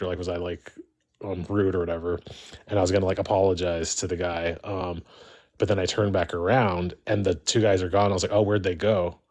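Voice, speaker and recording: A man with a very deep voice tells a story casually, with many "like" fillers and restarts. He speaks plainly and unhurriedly, as if chatting on a live call. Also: darkish tone. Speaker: caller.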